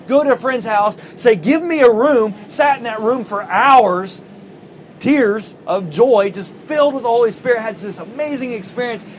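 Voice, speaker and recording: Animated high-voiced male pastor preaching. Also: a little hiss or hum, low-quality recording. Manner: animated storytelling, acting out quoted voices. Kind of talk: sermon.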